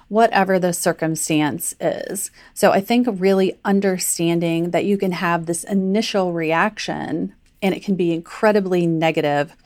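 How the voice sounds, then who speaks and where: A woman health coach talking casually on a podcast, full of "like" and quick acted-out inner voices. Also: fairly low pitch, darkish tone, dry recording. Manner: chatty, frequent "like", acts out inner voices. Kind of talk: conversational podcast teaching.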